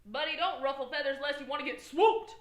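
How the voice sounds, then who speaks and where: A woman's voice: high voice, big pitch swings, moderate pace, pushed and bright, reverberant, exaggerated voice. A woman playing a brash, unrepentant female ex-con who showers everyone with flirty pet names in a comedy web drama. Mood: sassy. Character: brassy middle-aged female ex-con, sassy and unrepentant.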